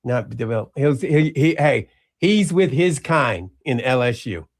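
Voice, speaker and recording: A man's voice: medium pitch, lively intonation, a little slow. A man co-hosting a sports radio talk show, arguing emphatically and repeating phrases for effect. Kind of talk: casual sports talk debate. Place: radio studio.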